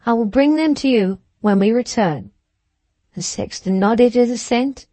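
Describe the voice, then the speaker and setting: A woman narrating an audiobook of a classic novel in a measured, even reading. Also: on the high side, no room sound. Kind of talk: scripted narration.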